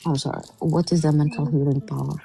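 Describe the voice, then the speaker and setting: A woman's voice: low-pitched, little pitch movement, fast talker, creaky, dark tone, soft background music. A woman joining a live talk show with a sleepy morning voice, asking probing, challenging questions. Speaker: caller.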